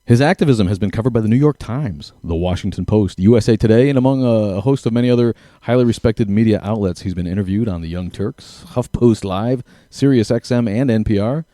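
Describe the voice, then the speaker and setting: Man, podcast host, low mellow voice, upbeat intro, dry close sound. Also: fairly quick, few pauses, no room sound. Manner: upbeat, reads guest bio. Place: small room in a downtown venue.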